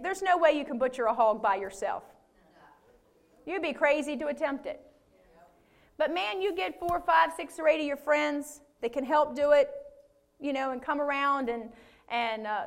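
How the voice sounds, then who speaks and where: Woman preacher, high-pitched voice, folksy, animated, sermon. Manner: folksy and animated, with frequent amens. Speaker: pastor.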